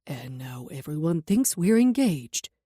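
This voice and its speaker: A calm, commanding man with a low, steady delivery, as a woman narrator puts him on. His voice is persuasive and even in tone. It is read close in a dry studio. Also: a little slow, breathy edge, no room sound, full character voice.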